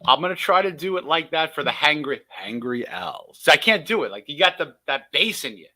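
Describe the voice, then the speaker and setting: A man from New York co-hosting a casual sports podcast, excitable and joking at his own expense. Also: fairly high pitch, a little fast. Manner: excitable, self-deprecating banter. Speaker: podcast co-host.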